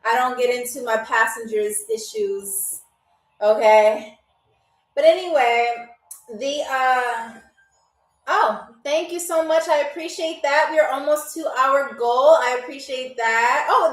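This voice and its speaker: A high-voiced woman hosts a live-stream game show in an unhurried, drawn-out way. She teases her viewers playfully and repeats words slowly and carefully. Her voice rings in an echoey room. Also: expressive, far from the mic. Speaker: game show host on a livestream.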